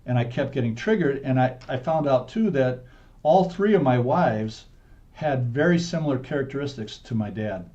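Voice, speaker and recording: A man's voice: medium pitch, expressive, warm tone. A middle-aged man, a podcast guest, telling his story in a candid, earnest, conversational way. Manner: earnest, frank, speeds up and slows down to stress points. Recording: dull muffled podcast audio.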